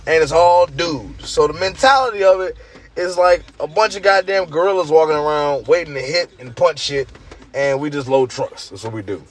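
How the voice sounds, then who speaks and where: A slightly higher-voiced man speaking. He rambles through a work story in a loose, profane monologue, jumping from loud bursts to low mutters. Faint traffic and car noise sit behind him outdoors. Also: normal speed. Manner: loose, profane storytelling with big swings in energy. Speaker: podcast host. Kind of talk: casual monologue to listeners. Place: outdoors in the rain near a parked car.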